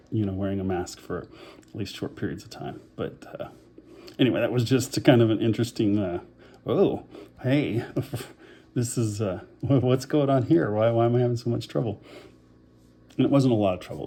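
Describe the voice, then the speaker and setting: Man, casual vlog diary, rambling and a bit winded, low mellow voice, faint background hum. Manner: rambling, many fillers, self-deprecating. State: short of breath after covid, on oxygen. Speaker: vlogger.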